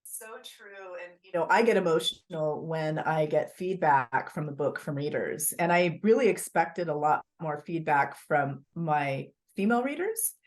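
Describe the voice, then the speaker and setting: A woman guest on an interview show speaks in a notably low voice. She talks about her work in an earnest, animated storytelling way. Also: normal speed, hardly any pauses. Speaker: author and guest. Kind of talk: conversational interview.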